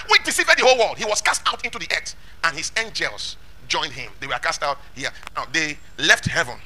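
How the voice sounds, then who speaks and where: A man preaching a sermon, emphatic, asking rhetorical questions and shouting lines of scripture. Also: a little high, animated, fairly quick, a little hiss or hum.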